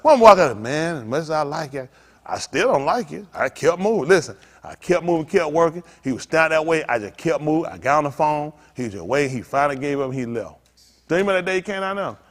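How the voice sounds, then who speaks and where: A middle-aged man preaching as a pastor, telling stories and swinging from low mutters to loud outbursts while acting out what others said. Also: expressive, fast talker. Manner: quotes others in acted voices, repeats phrases. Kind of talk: preaching in a storytelling way.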